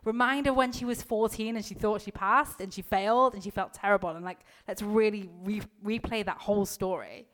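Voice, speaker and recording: A woman's voice: medium pitch, brisk, few pauses, a bit bright, close to an everyday voice. A woman voicing a scheming inner-critic woman in an imagined mental boardroom, eagerly suggesting ways to undermine someone.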